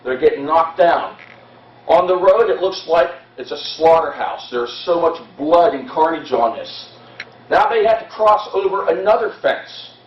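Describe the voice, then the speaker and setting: Man presenter, fairly high voice, passionate battle storyteller; distant, echoey, dull lo-fi hall recording. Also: expressive, a little slow. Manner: impassioned storytelling, shifting pace. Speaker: history presenter. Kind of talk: dramatic history talk to an audience. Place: hall at a historical society event.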